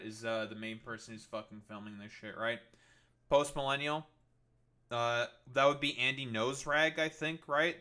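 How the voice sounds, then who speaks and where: Ranting on stream over a news clip, a man swears a lot and sneers sarcastically, leaning on fillers and constantly restarting. His voice sits at medium pitch and sounds pushed and bright.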